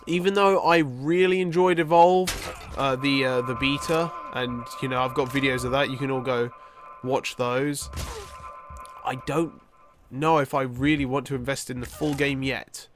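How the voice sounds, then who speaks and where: A young man giving rambling, tired let's-play commentary, with many fillers and sudden excited outbursts. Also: mid-range voice, normal speed. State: tired, yawning. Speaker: gaming YouTuber.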